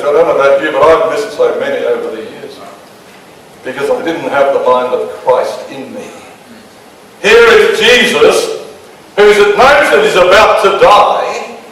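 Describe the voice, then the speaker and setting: A man's voice: mid-range voice, recorded from a distance. A man from Australia with an Australian accent, a pastor telling a humorous story in a sermon and acting out the dialogue. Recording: echoey hall, mic from afar, faint noise.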